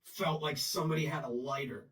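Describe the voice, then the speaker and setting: A man telling his own story in blunt, profane, halting talk full of restarts and fillers. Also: mid-range voice, fairly bright tone, far from the mic, low-quality recording. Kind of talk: unscripted personal storytelling.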